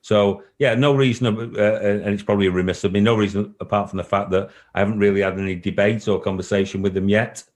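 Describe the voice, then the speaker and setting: A man's voice: on the low side, steady tone, quick pace, few pauses, darkish tone. A man who runs a football club, answering interview questions in an earnest, repetitive way. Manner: earnest, repeats himself, emotional at times. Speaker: football club chief executive. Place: call recording.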